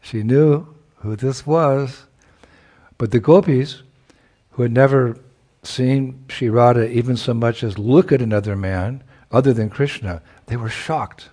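A man preaching a sermon by retelling a sacred story, reflective, chuckling at times and pausing to search for words. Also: medium pitch, mellow.

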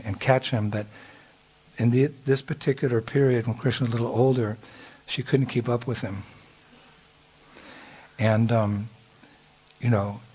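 A man telling a devotional story, chuckling often and restarting his sentences. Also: medium pitch. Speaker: spiritual storyteller.

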